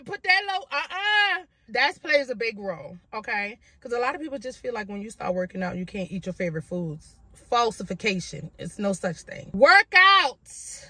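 Young woman fitness vlogger, high and crisp, sassy and chatty, recorded dry. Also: sharp tone, no echo. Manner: sassy, chatty, calls viewers girl and baby. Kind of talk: casual talking-head vlog. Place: at home.

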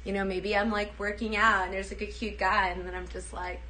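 A woman's voice: mid-range voice, little pitch movement, brisk, bright, forceful tone, a little hiss or hum. A young woman livestreaming casually, chatty, giggly and self-deprecating.

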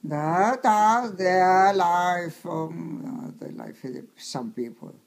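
A woman in her nineties telling a story from her childhood, halting and searching for words with many fillers. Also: fairly low pitch, a little mellow. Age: 90s. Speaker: interviewee. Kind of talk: reminiscing storytelling.

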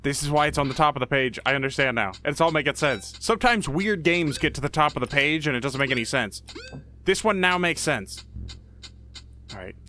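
Jumpy, animated young man gaming. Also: a little high, a little fast, slight background noise. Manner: jumpy, goofy, mutters then yelps. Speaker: gaming YouTuber. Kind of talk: horror game commentary.

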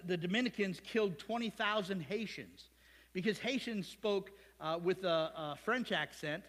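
A male pastor from Ohio preaching a sermon in a church, lively and conversational, with asides to the congregation. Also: high-pitched, long reverb tail. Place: church sanctuary.

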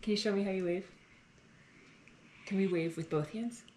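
A woman's voice: medium pitch, normal speed. A woman using coaxing, sing-song baby talk with a small child. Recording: noisy ambience behind.

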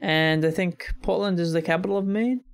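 American male reactor, slightly high gravelly voice, rambling musing commentary. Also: a little fast. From United States. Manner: musing aloud, chuckling often, thinking out loud with fillers. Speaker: reaction video host.

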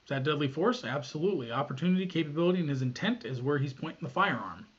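A man giving a casual, blunt talk on armed self-defense, swearing freely and acting out shouted commands. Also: on the high side, animated, fast talker, husky. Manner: blunt, profane, acts out scenarios with shouted commands. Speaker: firearms self-defense instructor. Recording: dull lo-fi recording.

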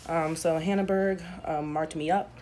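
A young adult woman vlogs candidly into a handheld phone camera, rambling and swearing freely. Her voice sits low and dark, with a steady tone, a moderate pace and a faint hiss or hum in the recording.

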